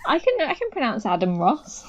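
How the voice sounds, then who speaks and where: A woman's voice: on the high side, huge pitch swings, a little fast, highs cut off. Woman drawing and chatting, voice bounces up and down, laughs nervously. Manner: laughing, a bit self-conscious. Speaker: guest artist. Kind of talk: casual chat while drawing.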